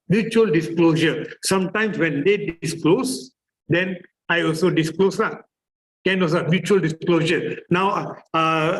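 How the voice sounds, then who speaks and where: A man's voice: on the high side, low-quality recording. Chatty man with a Malaysian English accent. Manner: chatty, repetitive, full of fillers. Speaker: therapist. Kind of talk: conference presentation.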